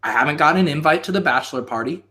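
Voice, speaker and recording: A man's voice: fairly high pitch, animated, very fast, pushed and bright. A man guesting on a live stream, talking in a theatrical, mock-emotional, rambling comedic way.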